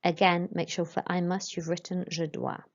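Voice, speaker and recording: A woman, teaching French to pupils and modelling each word slowly and clearly. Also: fairly low pitch, little pitch movement. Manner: slow, careful modelling of pronunciation for pupils. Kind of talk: recorded classroom lesson. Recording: dull lo-fi recording.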